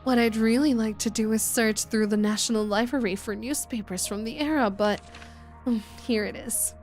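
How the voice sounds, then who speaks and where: Woman reading calm researcher lady, measured and lecture-y, visual novel readalong. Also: fairly high pitch, faint music behind, lightly acted. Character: composed adult woman researcher, calm and knowing.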